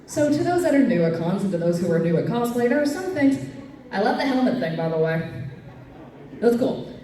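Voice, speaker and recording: A cosplay comedian tells funny stories on stage in a convention panel room, animated and quick to jump into squeaky high voices when quoting fans. She's far from the mic, and her voice rings through the large, echoey hall.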